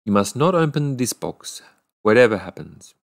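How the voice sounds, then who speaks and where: A man voicing a gentle, sorrowful young sea princess in a storybook reading, speaking softly and pleadingly. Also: mid-range voice, sing-song, normal speed, vocal fry. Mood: solemn warning. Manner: soft, pleading.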